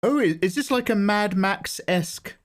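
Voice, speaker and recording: A man's voice: high-pitched, lively intonation, normal speed. Sleepy english guy chatting on his art stream, voice bounces up and down a lot. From England. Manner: chatty, greets viewers, self-deprecating jokes. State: sleepy, low energy. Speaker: livestream host, illustrator. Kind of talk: casual livestream chat.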